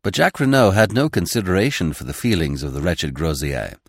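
Deep, expressive male narrator. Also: a little fast, no echo, studio quality. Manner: expressive, dramatic reading. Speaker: audiobook narrator. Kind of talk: scripted narration.

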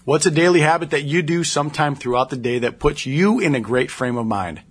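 A man's voice: a little high, lively intonation, a little fast, slightly rough. A man hosting a podcast, upbeat and enthusiastic, who also reads the sponsor spot. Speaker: podcast host.

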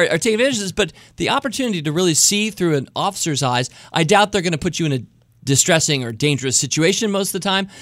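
A man's voice: fairly high pitch, a bit bright, no room sound. A man from the United States hosting an investing podcast, talking in an enthusiastic, chatty way. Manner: chatty, enthusiastic, jokes about his fake Spanish accent. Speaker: podcast host. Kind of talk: casual investing podcast chat.

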